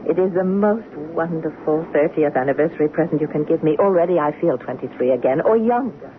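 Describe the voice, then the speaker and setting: A woman's voice: deep voice, expressive, fairly quick. An actress playing a teasing French wife in her fifties with a French accent, once a wartime resistance fighter, in 1970s radio drama acting. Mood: affectionate. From France. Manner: teasing, affectionate. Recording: tinny hissy old radio broadcast.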